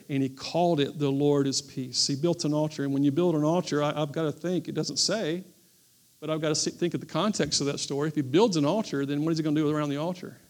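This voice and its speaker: A male pastor preaching a sermon at a church service, repeating key phrases with emphasis and calling on the congregation to respond. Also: on the high side.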